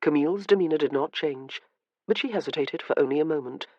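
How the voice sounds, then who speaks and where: A woman narrating a historical romance audiobook with measured, even scripted narration. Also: low-pitched, no room sound, dull audio.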